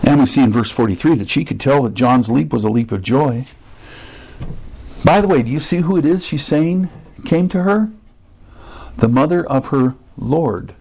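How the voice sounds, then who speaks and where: A man teaching a sermon verse by verse, explaining word meanings and pausing to repeat key points. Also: medium pitch, creaky, darkish tone, slightly rough, rough recording. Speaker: pastor.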